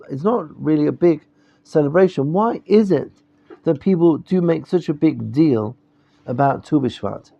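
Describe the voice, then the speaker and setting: A man's voice: on the high side, gravelly, mellow. A rabbi giving a conversational lecture to a class, often stopping to check that his listeners follow. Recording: muffled lo-fi class recording.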